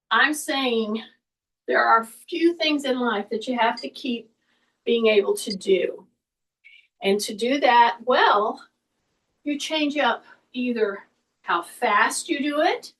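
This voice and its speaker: A high-voiced older woman leads a fitness class at an unhurried pace, coaching and demonstrating each move as she goes. She is heard from some distance away from the microphone. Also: fairly bright tone. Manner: coaching, demonstrating moves while talking. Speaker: fitness instructor. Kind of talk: live exercise class instruction.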